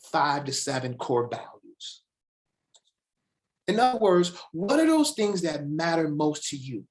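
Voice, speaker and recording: A man giving a motivational webinar talk, animated and direct with the audience, slowing to stress single words with dramatic pauses. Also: on the high side. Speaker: motivational speaker.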